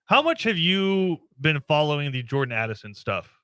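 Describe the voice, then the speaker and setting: Guy hosting a sports pod, bright smooth voice, jokey banter, dry sound. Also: a little high, sing-song, dry recording. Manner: joking, quick banter. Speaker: podcast host. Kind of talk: casual sports podcast chat.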